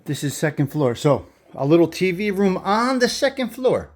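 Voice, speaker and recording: A man's voice: high-pitched, animated, normal speed, long pauses. A man hosting a walking tour of an old house, talking to viewers with admiration and repeating his words. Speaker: host giving a house tour. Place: inside an old house, walking between rooms.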